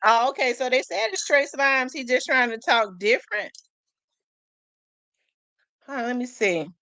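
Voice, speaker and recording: A woman's voice: high-pitched, lively intonation, unhurried, bright, forceful tone, dry recording. A woman hosting a casual live commentary, chatty and asking questions aloud as she talks to her viewers. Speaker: host.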